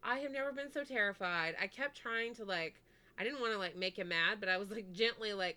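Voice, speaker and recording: A woman's voice: mid-range voice, brisk, sharp tone. A woman co-hosting a podcast, telling a story in a casual, chatty way, with many "like"s and "anyway"s. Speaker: podcast co-host.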